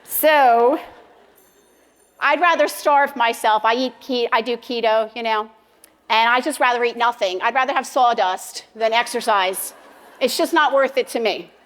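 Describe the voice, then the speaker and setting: High-voiced woman speaking in a reverberant church. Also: a little slow, fairly bright tone. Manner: chatty and self-deprecating, joking with the audience. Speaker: speaker at a church ladies' meeting. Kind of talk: casual devotional talk. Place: church sanctuary. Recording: long reverb of a large hall.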